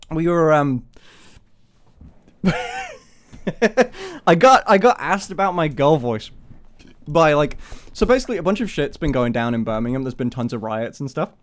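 On a casual live stream, a young male host chats in a rambling, giggly manner. He swears a lot and lets out high-pitched laughs.

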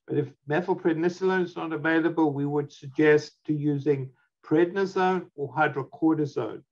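Male doctor, insistent and emphatic, fairly high voice over muffled call audio. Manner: emphatic, dismissive of opposing views. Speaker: physician guest. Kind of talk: expert interview answers.

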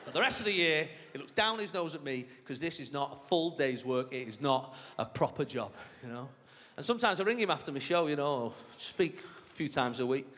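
A male stand-up comedian, chatting to a theatre crowd in a friendly, self-mocking way. His voice sits high and carries a long reverb from the big hall. Audience noise is heard clearly behind him. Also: expressive, fairly quick, few pauses, fairly bright tone. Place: large theatre on stage.

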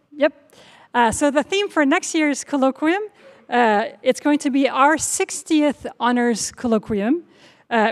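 A middle-aged woman hosting a university lecture series, giving thanks and remarks with many fillers and self-corrections. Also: sits high. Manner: warm, halting, with frequent fillers and self-corrections. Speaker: honors program host.

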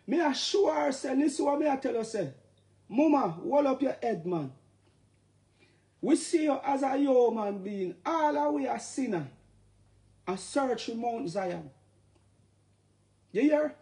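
A Jamaican man, a musician, delivering an impassioned, preachy rant straight to camera, now and then breaking into shouts. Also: very high-pitched, sing-song, measured pace, pauses often.

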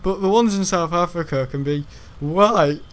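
A man's voice: high voice, normal speed. A young man rambling casually while playing a game, swearing mildly and restarting his sentences often. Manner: meandering, chatty, swears casually, frequent restarts. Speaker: gaming YouTuber. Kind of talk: rambling let's-play commentary.

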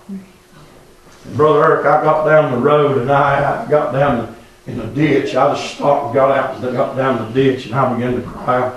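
A man preaching in a church, his voice at a middle pitch. He moves from a hushed murmur up to a near-shout, and the room around him rings with heavy echo. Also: fairly even intonation, moderate pace, distant mic. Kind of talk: revival sermon. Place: church sanctuary.

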